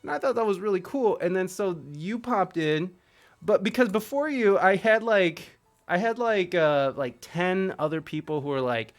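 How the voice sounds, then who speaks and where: A man's voice: high-pitched, animated, normal speed. A man hosting a music podcast interview, chatting in a rambling, self-deprecating way and laughing often. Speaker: podcast host. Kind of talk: casual interview chat. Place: home studio streaming with a live chat.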